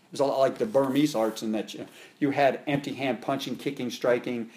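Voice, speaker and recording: A middle-aged man with an everyday mid-range voice tells long stories in a relaxed interview. He rambles and restarts often, and his pitch and volume climb when something excites him. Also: brisk. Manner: rambling, with frequent restarts and fillers; voice jumps up in pitch and volume when he gets animated. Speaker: martial arts instructor and interview guest. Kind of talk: casual storytelling in an interview.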